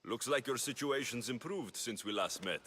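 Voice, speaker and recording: An actor voicing a steady adult male warrior hero in a video game's dialogue. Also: medium pitch, moderate pace, breathy edge. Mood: calm. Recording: distant game audio with faint noise.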